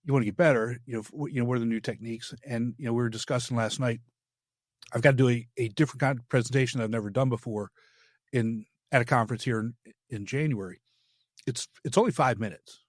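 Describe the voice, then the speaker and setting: A man hosting an interview podcast in casual chat, talking haltingly with many restarts. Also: medium pitch, no room sound, clean studio sound. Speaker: podcast host.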